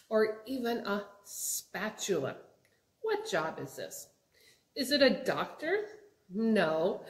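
Slow sing-song teacher woman. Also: mid-range voice. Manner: slow, sing-song, prompting children to repeat words. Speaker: English teacher for young children. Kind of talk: children's vocabulary lesson. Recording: echoey room.

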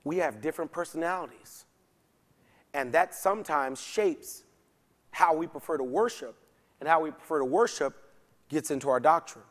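A man leads a Bible study as pastor, his slightly high voice carrying into a long, ringing church reverb. He teaches in a relaxed, folksy style and often checks in with his listeners. His casual slang keeps the teaching conversational. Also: normal speed, long pauses. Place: church sanctuary.

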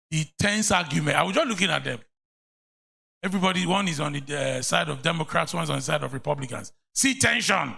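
A man with a Nigerian accent, a pastor preaching a sermon in a church, animated and mocking at times. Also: a little high. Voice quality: gravelly.

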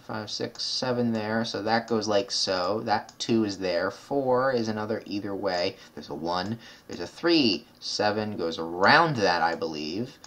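A man's voice: fairly low pitch, a bit bright. A man giving casual gameplay commentary, muttering numbers under his breath while solving puzzles and correcting himself as he thinks aloud. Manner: chatty asides, self-correcting. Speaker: gaming video creator.

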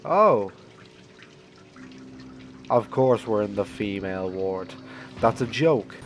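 Excitable, cursing man narrating a horror game. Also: fairly low pitch, takes it slowly. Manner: excitable, swearing, yelping in fright. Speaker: gaming YouTuber. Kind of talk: let's play commentary. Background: game music.

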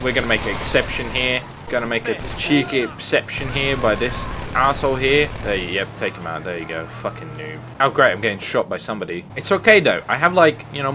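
A young man giving casual, excitable gameplay commentary, swearing and trash-talking other players. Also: mid-range voice, background noise.

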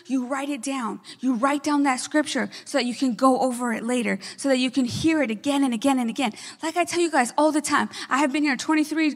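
High-voiced woman pastor preaching, reverberant hall. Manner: energetic preaching with frequent "right?" asides. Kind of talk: sermon.

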